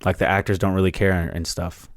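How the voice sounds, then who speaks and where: A man's voice: low voice, level tone, brisk, no room sound, clean studio sound. A young man hosting a solo podcast, rambling in a profane, jokey, casual way. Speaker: podcast host.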